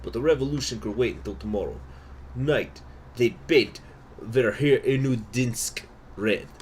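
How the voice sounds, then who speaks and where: A man's voice: mid-range voice, a little slow, slight background noise, natural voice. A man reading game event text aloud in a put-on Russian accent, in a theatrical storytelling manner. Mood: dramatic.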